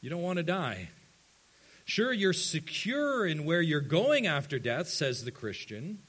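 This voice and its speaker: A man preaching a sermon to his church, earnest, dropping to hushed tones and rising to emphatic ones. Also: fairly high pitch, big pitch swings, a little slow, husky. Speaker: pastor.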